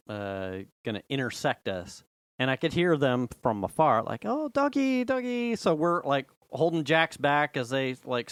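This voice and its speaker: A man's voice: mid-range voice, a bit bright, clean tone, no room sound. A man co-hosting a podcast in casual chat, loose and profane, telling stories with lots of laughter into a close mic. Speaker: podcast co-host.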